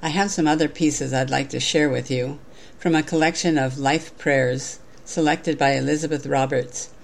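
A woman giving a sermon, reading a story aloud in a measured, clear way. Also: deep voice, steady tone.

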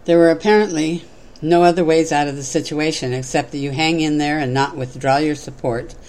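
Measured, reflective parable reader. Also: medium pitch, steady tone, darkish tone, rough recording. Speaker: storyteller. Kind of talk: reading a moral parable.

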